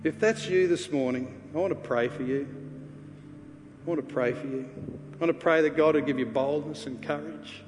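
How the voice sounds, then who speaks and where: A man preaching a sermon, earnestly telling a personal story and then leading a quiet prayer. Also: on the high side, moderate pace, a little hiss or hum. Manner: earnest, confessional, drops to a hushed voice for prayer. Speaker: pastor. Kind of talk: sermon with personal testimony and altar call. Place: church sanctuary. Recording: reverberant church hall with faint ambience.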